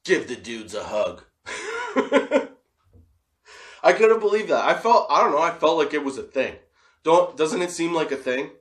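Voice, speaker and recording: A man's voice: fairly high pitch, wildly swooping pitch, unhurried, pauses often. A man in his forties telling a comic personal story, laughing often and swearing between rambling asides.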